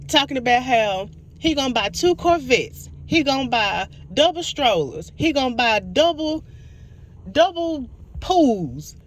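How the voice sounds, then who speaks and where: High-voiced woman, giggly TV recap. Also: measured pace. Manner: giggly, keeps laughing and apologizing; animated storytelling, acts out quotes. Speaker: TV show reviewer. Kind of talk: casual recap vlog.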